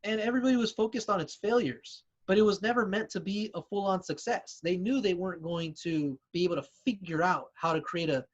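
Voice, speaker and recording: A man's voice: sits high, fairly quick, hardly any pauses, muffled recording. A man co-hosting a podcast, explaining his points casually with many "you know"s and restarts. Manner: hesitant, many fillers and restarts, explains with examples. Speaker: podcast co-host. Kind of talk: casual chat.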